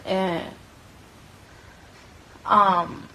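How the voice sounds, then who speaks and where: A woman's voice: mid-range voice, level tone, very slow, sharp tone. A young woman telling a story in a casual way, blunt and profane, with lots of "like" and "bruh". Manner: blunt, profane, filler-heavy, keeps saying bruh and like. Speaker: witness recounting an event. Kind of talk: casual first-person storytelling.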